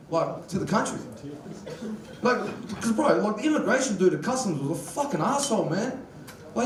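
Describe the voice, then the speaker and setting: Young man, Australian accent, stand-up comedian, laid-back sweary slang, echoey room, heard from a distance. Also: sits high. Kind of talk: stand-up set. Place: live comedy venue with audience.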